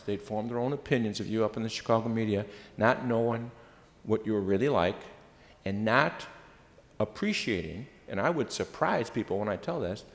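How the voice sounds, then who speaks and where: A man's voice: mid-range voice, gravelly. Older man speaking in an echoing chamber. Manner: dry teasing humor, then earnest. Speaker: senate president. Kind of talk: farewell floor speech. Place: legislative chamber. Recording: reverberant hall.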